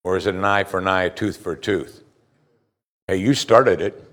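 With a deep, slightly bright voice at normal speed, a middle-aged pastor preaches. Between remarks he reads scripture aloud and challenges the congregation with pointed questions.

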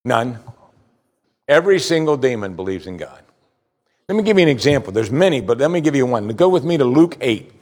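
A man preaching a sermon, reading scripture aloud and explaining it with emphatic rises and quiet low asides. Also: sing-song, a little fast. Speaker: pastor.

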